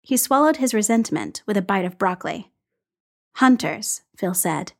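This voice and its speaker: A woman reading fiction aloud in an even, unhurried way. Her voice sits at a middle pitch and carries the narration steadily. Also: vocal fry. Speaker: story reader.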